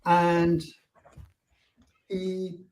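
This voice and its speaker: Older Irish man, Cork accent, lively raconteur with a slightly raised voice; a guest who acts out every scene. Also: high voice, very slow. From Ireland. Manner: animated, acts out quotes, swears freely. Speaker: podcast guest. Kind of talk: storytelling interview.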